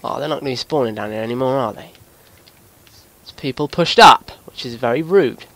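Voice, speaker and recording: A young man, giving excitable gameplay commentary as a video host, swearing and shouting at opponents. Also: medium pitch, fairly quick.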